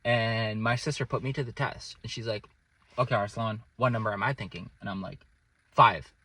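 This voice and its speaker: A young man telling a personal story to his viewers in a casual, animated way, often checking in with "okay?" and his loudness rising and falling. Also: fairly low pitch, moderate pace.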